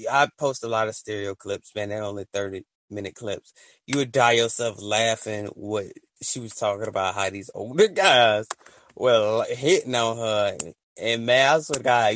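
A man hosting a casual solo podcast, rambling and excitable, full of slang and often laughing at his own stories. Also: medium pitch. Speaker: podcast host.

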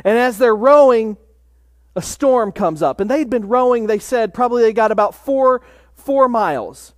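Male pastor, high voice, measured sermon delivery, hushes for emphasis. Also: expressive, no echo, studio quality. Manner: measured preaching, drops to a hush for emphasis.

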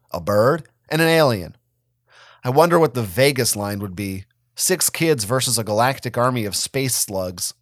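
Man giving an expressive dramatic reading. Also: mid-range voice, no echo, clean studio sound. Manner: expressive, wry storytelling. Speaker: reader of a fan story. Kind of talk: dramatic reading of a first-person story.

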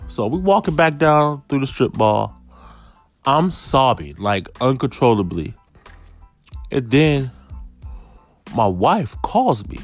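A man tells a comic story at a medium pitch, with faint music under him. He acts out each character in turn, swinging his voice up and down. He moves quickly from narration into quoted lines. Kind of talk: comedic storytelling.

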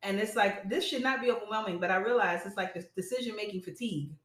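Bright animated woman in an echoey room. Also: quick pace. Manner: animated storyteller, laughs often, acts out quotes in a high voice. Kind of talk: casual chat.

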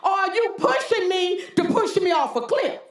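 A woman's voice: very high voice, very animated, moderate pace, roomy sound. A woman pastor preaching a sermon, calling out to the congregation with repeated "Huh?" and folksy talk. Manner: call-and-response preaching with frequent "Huh?".

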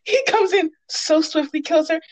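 A woman's voice: very high-pitched, normal speed, rough recording. A young woman in casual chat, telling game stories expressively and laughing often. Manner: lively, expressive storytelling with laughter.

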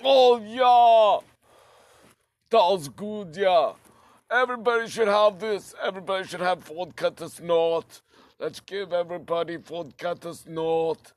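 A man voicing a boisterous, vodka-loving Russian man as a loud, exaggerated caricature. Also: sits high, measured pace, no room sound, voice pushed up.

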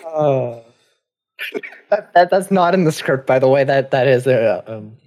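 A man's voice: medium pitch, lively intonation, unhurried, a little mellow. A man hosting a live stream, chatting casually and thanking viewers with lots of fillers. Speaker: host of a live stream show.

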